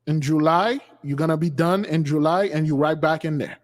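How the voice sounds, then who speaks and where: A man's voice: on the high side, fairly even intonation, normal speed. A man giving an informal sermon-style talk, emphatic and repetitive in how he drives his points home. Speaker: spiritual teacher. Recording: long hall reverb.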